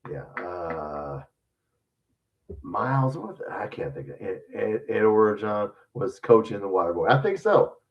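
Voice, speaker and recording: A man's voice: fairly low pitch, very animated, unhurried, recorded from a distance, dull audio. A man hosting a show, giving blunt, profane, rambling opinions in casual talk. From lives in Louisiana. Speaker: podcast host. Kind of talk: casual sports opinion rant.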